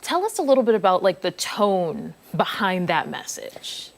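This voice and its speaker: A woman anchoring a local morning news show, with a smooth, polished presenter delivery. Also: lowish voice, big pitch swings, moderate pace.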